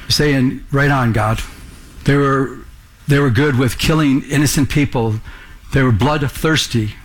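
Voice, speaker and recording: A man's voice: mid-range voice, steady tone, a little slow. A man preaching a sermon to a congregation in the room, earnest, pressing them with rhetorical questions. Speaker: pastor.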